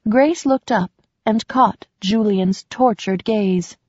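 A woman narrating an audiobook in a measured, even storytelling manner. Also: mid-range voice, slightly rough, no room sound, lo-fi sound. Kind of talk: scripted narration.

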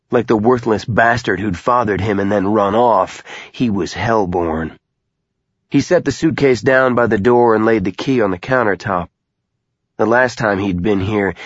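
A man narrating an audiobook in a measured, somber, steady way. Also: lowish voice, husky, no room sound, highs cut off.

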